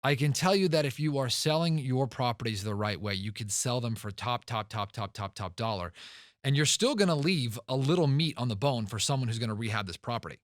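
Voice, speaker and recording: A man's voice: medium pitch, animated, fairly quick, dry recording, clean studio sound. A man hosting a podcast who talks emphatically, tells stories and repeats words for stress. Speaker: podcast host and real estate investor. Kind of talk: podcast monologue.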